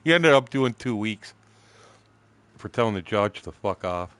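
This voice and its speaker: A man's voice: on the low side, animated, unhurried, a bit bright, no room sound. A man in his sixties, a gaming streamer telling a crude, profane anecdote in a casual, chuckling way. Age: 60s. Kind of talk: casual storytelling while streaming.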